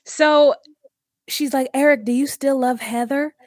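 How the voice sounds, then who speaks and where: A woman's voice: high-pitched, fairly even intonation, unhurried, no echo, studio quality. A woman co-hosting a casual podcast recapping a reality TV show, rambling with lots of fillers and wandering tangents. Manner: rambling, filler-heavy, worried musing. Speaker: podcast co-host.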